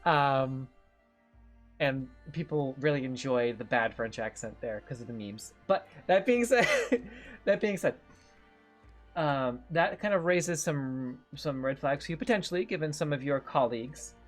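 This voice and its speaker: A man's voice: medium pitch, expressive, unhurried, faint music behind. Chatty male game master, laughs at himself, mid-range voice. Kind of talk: narrating a tabletop game.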